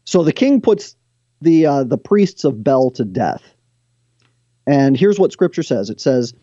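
A man who is a guest on the show, retelling stories from scripture in an animated way and reading passages aloud. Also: mid-range voice, unhurried, no echo, lo-fi sound.

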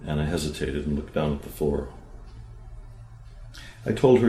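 A man, a therapist, reading a case study aloud in a measured, calm storytelling manner and voicing the dialogue he quotes. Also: extremely low pitch, reverberant, poor audio.

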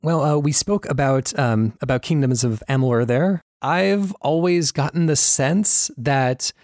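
A man co-hosting a podcast, asking questions in a measured, thoughtful way. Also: medium pitch, darkish tone, no room sound, studio quality. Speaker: podcast co-host. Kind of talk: casual interview questions.

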